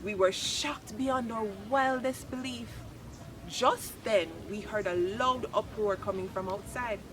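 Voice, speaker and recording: A woman reading a children's chapter book aloud, lively and expressive. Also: on the high side, slow pace, a little hiss or hum. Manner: expressive, lifts voice for quoted lines. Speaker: storybook reader. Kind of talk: read-aloud children's story narration.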